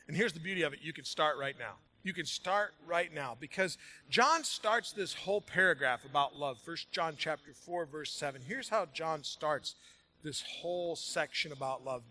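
Bright, lively man preaching. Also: fairly high pitch, normal speed. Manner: energetic, conversational, jokey. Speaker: pastor. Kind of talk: sermon. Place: large room with congregation.

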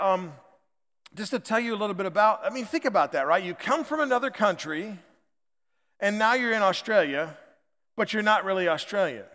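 Pastor, fifties, American accent; pitched high, casual folksy sermon delivery, hall reverb. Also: male voice, sharp tone. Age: 50s. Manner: conversational, chatty and folksy. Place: church sanctuary.

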